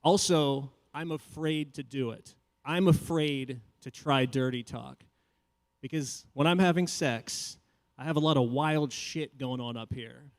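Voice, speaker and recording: A man doing animated stand-up comedy as host of a live show on a handheld mic. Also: a little slow. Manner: animated, jumps to high shouts in quoted asides.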